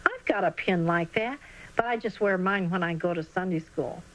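A woman voicing a friendly, excited young boy in a children's storybook reading. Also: lowish voice, moderate pace, natural voice, rough recording.

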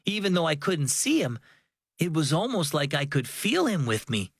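A man's voice: fairly high pitch, big pitch swings, moderate pace, slightly rough, dry recording, studio quality, pitched above the performer's own voice, heavily acted. A man doing an anxious young boy. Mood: worried. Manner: raised, eager, worried.

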